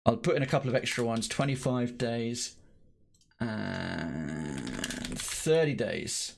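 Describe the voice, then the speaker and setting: A man's voice: medium pitch, expressive, takes it slowly, gravelly. A man streaming a video game, rambling casually through his commentary and swearing now and then. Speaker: gaming streamer.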